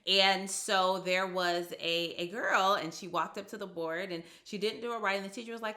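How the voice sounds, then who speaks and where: A woman hosting a podcast, chatting and telling stories in a lively way, laughing easily. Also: medium pitch, normal speed, few pauses. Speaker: podcast host. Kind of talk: interview conversation.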